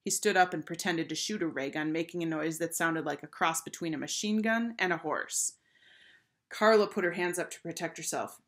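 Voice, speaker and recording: A woman reading a children's chapter book aloud with clear, steady narration. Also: sits low, moderate pace. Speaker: storybook reader.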